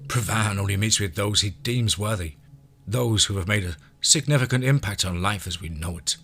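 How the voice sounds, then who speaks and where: A man's voice: lowish voice, normal speed, a bit bright. A man voicing an eager, commanding old male reptile creature who speaks in a pushy, gleeful way.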